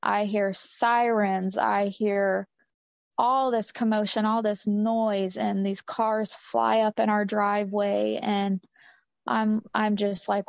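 A woman's voice: medium pitch, little pitch movement, takes it slowly, vocal fry, no echo. A woman recounting a personal story in an interview, earnest and repeating phrases for emphasis. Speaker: interview guest. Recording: dull lo-fi sound.

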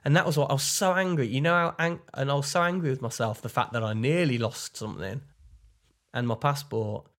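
Self-mocking podcast co-host. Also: male voice, medium pitch, brisk, fairly bright tone. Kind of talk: casual chat.

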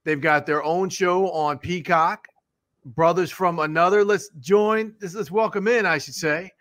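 A man's voice: high voice, unhurried, fairly bright tone. A man co-hosting a sports talk show, upbeat as he brings in guests. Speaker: co-host.

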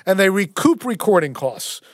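A man with a notably high speaking voice hosts a podcast, pressing his points hard and cutting in often. The recording is dry, with no room sound. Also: big pitch swings, moderate pace, no echo. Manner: emphatic, cuts in and argues points. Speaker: podcast host. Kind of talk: conversational interview.

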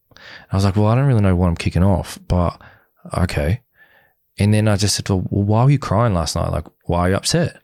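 Low-voiced man telling a story. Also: brisk, no room sound. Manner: animated retelling, acts out quoted dialogue, frequent swearing. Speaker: guest, former reality show contestant. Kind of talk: casual interview storytelling.

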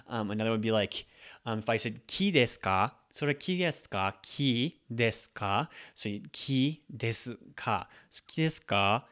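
A man who speaks English as his first language, teaching a language lesson on a podcast in an easygoing way, with many fillers and slow repeated example words. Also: medium pitch.

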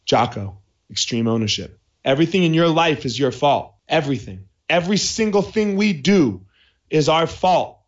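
Higher-voiced man, easygoing podcast monologue recorded at home, slightly muffled lo-fi sound. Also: expressive, moderate pace. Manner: conversational storytelling, repeats points for emphasis. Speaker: podcast host. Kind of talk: casual monologue. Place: his house.

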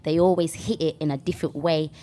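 Here the Birmingham rapper's voice is deep and quick-paced. She's a young woman from England guesting in a casual interview, lively in manner and prone to fillers and restarts.

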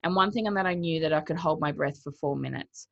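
A woman with a low, gravelly voice talks through her story as an interview guest, acting out the lines people said to her. Her delivery is lively and conversational. The recording sounds dull, lo-fi and dry. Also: fairly quick, no echo. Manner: lively retelling, acts out quotes, laughs between thoughts. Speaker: interview guest, cold-water swimmer.

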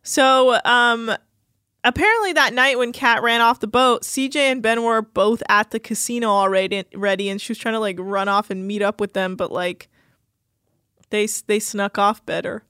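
A woman's voice: a little high, moderate pace, bright, forceful tone, clear, resonant tone, no room sound. Chatty young woman, dry close sound. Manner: chatty, with lots of fillers and sarcastic asides. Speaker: podcast co-host. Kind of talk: casual chat recapping a reality show.

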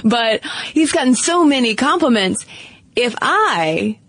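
A woman's voice: fairly high pitch, sing-song, takes it slowly, a bit bright, dry recording. A woman co-hosting a casual chat show, thinking aloud with frequent restarts. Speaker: podcast co-host.

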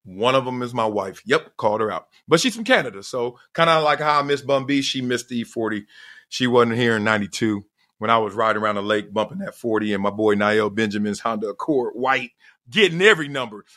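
A middle-aged man hosting a casual solo podcast, telling slangy, animated stories and laughing often. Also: medium pitch, a little fast. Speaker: podcast host.

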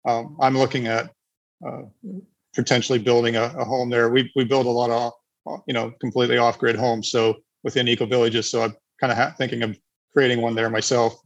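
A man's voice: mid-range voice, level tone, a little fast, highs cut off. A man from Canada answering questions casually in a webinar, rambling with many restarts. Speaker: eco village developer.

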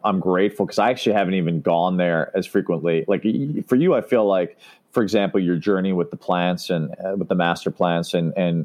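A man's voice: deep voice, a little mellow. A man hosting a podcast, affirming and thoughtful, restarting his sentences as he talks. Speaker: podcast host. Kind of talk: casual conversation.

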